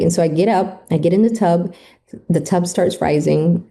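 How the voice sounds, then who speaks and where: A woman's voice: lowish voice, animated, moderate pace, creaky, mellow. A woman guest on a podcast, emotionally retelling a personal story and acting out what people said. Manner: emotive retelling, acts out quoted speech.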